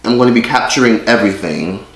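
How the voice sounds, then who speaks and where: Fast and on the low side, this man's voice carries a casual vlog to camera. He's a YouTuber who jokes, curses and talks straight to his viewers, filming on a phone held in his hand in an echoey room with faint noise.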